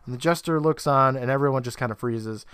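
A man co-hosting a casual podcast, walking through a TV episode scene by scene. His delivery is easygoing and amused, at an ordinary pitch. The recording is dry and close. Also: brisk, fairly bright tone, smooth, dry recording. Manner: laid-back storytelling, laughs often. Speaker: podcast co-host.

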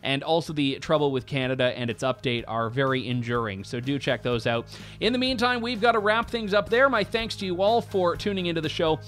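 A man's voice: fairly high pitch, lively intonation, fairly quick, a bit bright, faint music behind. A man hosting a talk show, thanking his guest earnestly and signing off to listeners. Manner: earnest, with frequent small restarts. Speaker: show host. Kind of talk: interview and show sign-off.

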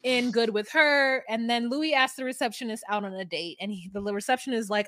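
A woman's voice: on the high side, brisk, pushed and bright, dry recording. A woman co-hosting a reality TV recap podcast, chatty, retelling scenes with quoted dialogue. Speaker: podcast co-host. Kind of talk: casual recap chat.

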